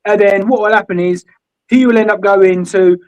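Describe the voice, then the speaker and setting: A man's voice: high voice, fairly even intonation, moderate pace, muffled recording, a crowd in the background. A man co-hosting a football fan stream, teasing the others and swearing freely. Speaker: co-host. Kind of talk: casual fan podcast banter.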